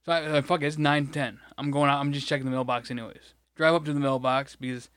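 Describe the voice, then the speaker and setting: A man's voice: medium pitch, steady tone, quick pace, a bit bright, smooth, no echo. A man from Michigan, co-hosting a podcast, rambling through an exasperated, profane story in casual chat. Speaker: podcast co-host.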